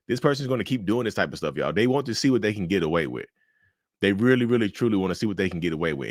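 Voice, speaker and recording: A man's voice: on the low side, fairly bright tone, no echo, studio quality. A man, giving casual, emphatic commentary on a viewer's story with lots of rhetorical questions. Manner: emphatic, rhetorical questions, says y'all often.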